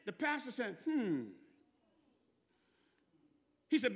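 Brisk and expressive, a Southern preacher with a very high, bright, forceful voice tells a story during his sermon. His delivery climbs from easy and conversational to fervent shouting, carried by the lingering reverb of a church sanctuary.

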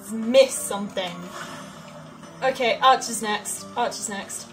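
Slow-talking woman narrating her gameplay. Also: on the high side, steady tone. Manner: chatty, muttering to herself, with sudden loud frustrated outbursts. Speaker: gaming video creator. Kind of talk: casual let's-play commentary. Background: game music.

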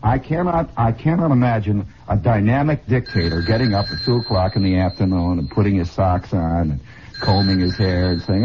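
A man in his forties from the United States, hosting a rambling comic radio monologue as an excitable, digressive storyteller, heard on a dull 1960s broadcast. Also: fairly low pitch, brisk, background noise. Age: 40s. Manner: excitable, digressive storyteller who repeats and restarts. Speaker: radio host.

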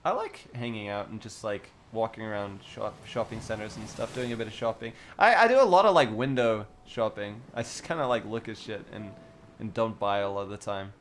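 A man's voice: lowish voice, fairly quick, a little hiss or hum. A man with an Australian accent hosting a casual livestream chat with viewers, playful, giggly and teasing. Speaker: livestream host.

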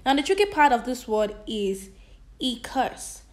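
A woman teaching a phonics lesson to children, sounding out letters and words slowly and repeating each one several times. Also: fairly high pitch, big pitch swings.

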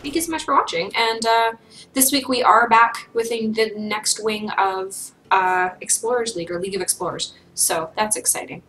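A woman's voice: on the high side, moderate pace, a bit bright, slight background noise. A young woman giving casual gameplay commentary at home, chatting playfully and scolding her cat between plays. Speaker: gaming vlogger. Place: home, indoors. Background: game music.

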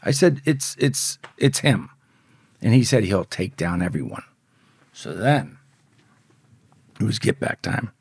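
A man shares his story during an interview in a casual, profane, animated way, acting out what others said. He speaks unhurriedly in a fairly low, creaky, husky voice and pauses often. The audio is studio quality without room sound.

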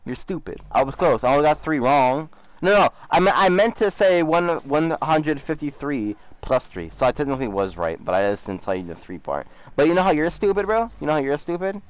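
A man's voice: fairly high pitch, sing-song, a little fast, no echo. Young man, gaming chat, sing-song mocking tone, dry close headset sound. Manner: mocking, repeats himself, says bro a lot. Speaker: YouTuber trolling a scammer.

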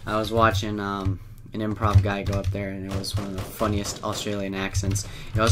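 A man's voice: lowish voice, steady tone, moderate pace, over music. A man giving casual gameplay commentary, swearing, laughing and trash-talking his opponents. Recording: noisy with game gunfire behind. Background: gunfire and keyboard clicks.

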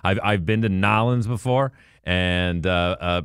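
A man's voice: low voice, a little slow, a bit bright, clean tone, no room sound, studio quality. A man co-hosting a podcast, chatting casually and going off on enthusiastic tangents to explain trivia. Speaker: podcast co-host.

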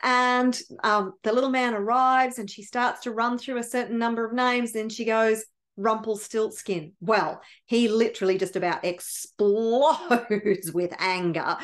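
A woman coach retells a fairy tale in a loose, animated way, often breaking off and correcting herself. Her voice sits fairly high. The delivery is casual, not scripted. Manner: animated, chatty, self-correcting. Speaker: mindset coach. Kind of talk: casual storytelling.

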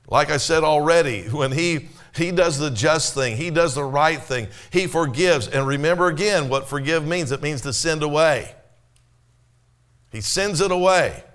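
Delivering a church sermon, this Canadian pastor speaks a bit higher than most men, with a slightly bright tone. His address to the congregation is plain and conversational, full of rhetorical questions and scripture quotes.

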